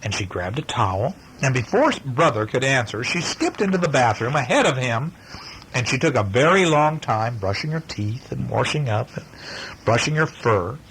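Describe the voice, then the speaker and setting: Hoarse dad reading a bedtime story. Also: male voice, medium pitch, expressive, a little hiss or hum, rough recording. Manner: gentle, chatty, pausing to talk about the pictures. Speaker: father reading to his children.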